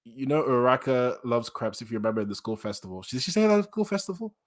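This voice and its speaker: A man giving casual, excitable reaction commentary on a manga chapter, full of slang. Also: medium pitch, quick pace. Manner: excitable, slangy, reads panels aloud with bursts of laughter.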